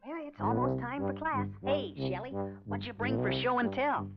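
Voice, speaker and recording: A woman plays a schoolgirl in an old film, calling out in a singsong voice that swoops widely and is very low and gravelly. Loud brass music plays over the dull, muffled sound. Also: wildly swooping pitch, moderate pace, heavily acted.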